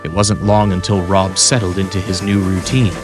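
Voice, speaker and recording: A man narrating a children's storybook in a scripted, expressive way. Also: deep voice, normal speed. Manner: expressive, voices every character. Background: music.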